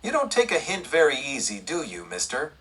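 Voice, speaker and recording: A man's voice: on the high side, wildly swooping pitch, a little fast, a bit bright, slightly rough, full character voice. A man doing a hostile young cowgirl.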